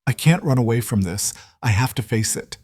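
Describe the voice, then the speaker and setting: A man voicing a composed, guarded businesswoman who answers in a careful, measured way in an audio story. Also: medium pitch, expressive, a little mellow, no echo, studio quality, natural voice.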